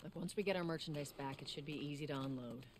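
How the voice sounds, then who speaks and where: Woman playing a tough smuggler lady in a game, brisk and bossy, noisy game audio. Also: low-pitched, lightly acted. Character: tough no-nonsense female smuggler. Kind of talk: video game dialogue. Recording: game audio with background noise.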